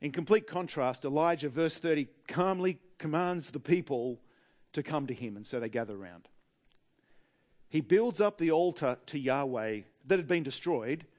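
A man with an Australian accent preaching a sermon in a wry, humorous way, with dramatic pauses. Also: on the high side, lively intonation, a little mellow.

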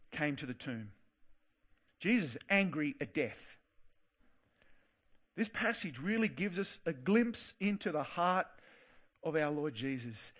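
A man preaching a sermon earnestly, slowing down to stress key words. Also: fairly high pitch, fairly bright tone. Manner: earnest, slows down for emphasis.

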